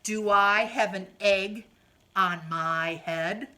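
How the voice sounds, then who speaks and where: A woman voicing a big, nervous male elephant in a picture book, loud and alarmed. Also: medium pitch, slow pace.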